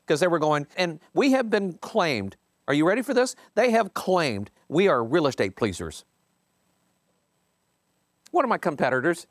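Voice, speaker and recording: A man in his fifties talks through a book with his team, emphatic and animated. His voice sits a bit high and swoops widely as he stresses points. The sound is dry and close. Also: dry recording. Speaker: company owner leading a team meeting. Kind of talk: casual book commentary to a team.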